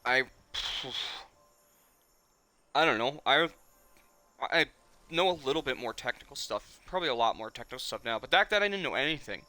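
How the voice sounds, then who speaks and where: Bright, clear-voiced young man rambling. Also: medium pitch, lively intonation, normal speed, long pauses, no room sound, soft background music. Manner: rambling, emotional, swears often. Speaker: streamer. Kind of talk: casual nostalgic chat.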